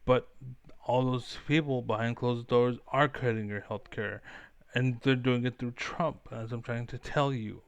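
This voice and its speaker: A man's voice: mid-range voice, steady tone, unhurried, clean tone. A young man ranting on camera in a rambling, profane, fired-up way. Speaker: online commentator.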